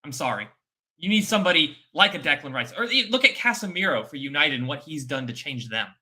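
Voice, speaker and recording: A man's voice: on the high side, big pitch swings, fast talker, sharp tone. A man giving emphatic, opinionated football takes in a casual chat, repeating his points. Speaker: football fan pundit. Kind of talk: casual post-match chat.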